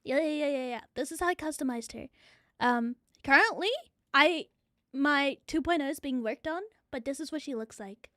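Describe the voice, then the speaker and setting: Excitable New Zealand woman streamer, high bright voice, slightly breathless, dry mic. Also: moderate pace, no echo. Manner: excitable, chatty, swears freely. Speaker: VTuber streamer. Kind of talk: live stream chat.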